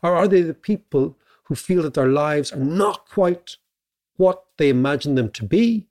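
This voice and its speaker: A middle-aged Irish man co-hosting a podcast in casual chat. He muses aloud and keeps checking in with a quick "right?". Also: on the high side, animated, a little mellow. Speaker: podcast co-host.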